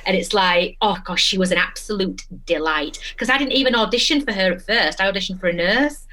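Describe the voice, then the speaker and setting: A young adult woman, a guest telling a personal story in casual chat, animated and emotional. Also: mid-range voice, brisk.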